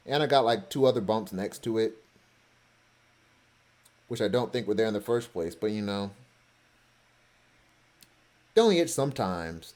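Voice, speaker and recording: A man casually talking through his vacation photos, rambling with offhand, self-joking asides. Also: medium pitch. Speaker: vlogger going through his cruise photos.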